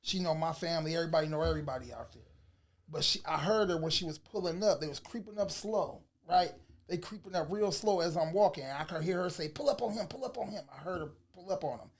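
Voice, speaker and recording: A man telling a personal story in a casual, slangy way, swinging from low mutters to loud bursts. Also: quick pace. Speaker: vlogger.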